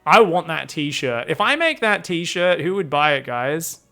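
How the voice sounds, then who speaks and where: A man's voice: a little high, sing-song, a little slow, pushed and bright, faint music behind. A man streaming game commentary, rambling, joking and swearing freely.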